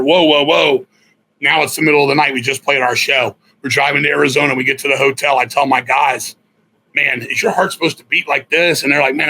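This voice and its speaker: A middle-aged man, a guest musician, telling stories in a blunt, profane, animated way. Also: fairly high pitch, husky, low-quality recording. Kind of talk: casual storytelling interview.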